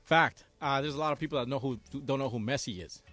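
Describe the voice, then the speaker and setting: A man who is a regular on a sports radio show, making his point with quick, emphatic words. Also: mid-range voice, sharp tone, faint music behind. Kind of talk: casual sports radio chat.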